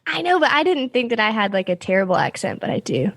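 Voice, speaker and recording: A woman's voice: on the high side, big pitch swings, quick pace, creaky, dry recording. A woman from the American South with a Southern accent, chatting casually and poking fun at herself as a podcast guest. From Southern United States. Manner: giggly, self-deprecating. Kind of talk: casual chat. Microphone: mailed camera and microphone at home.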